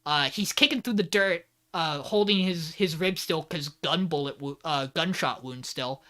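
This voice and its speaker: A man's voice: on the high side, normal speed, sharp tone. A man co-hosting a podcast in casual chat. He recaps an episode with lots of filler words and some swearing, and he acts out the lines of the characters. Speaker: podcast co-host.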